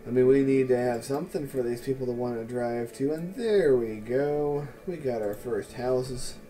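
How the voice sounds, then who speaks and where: A man's voice: mid-range voice, normal speed, dark tone, soft background music. A man casually commenting on his city-building game in a wry, sarcastic, musing way. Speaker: let's play host.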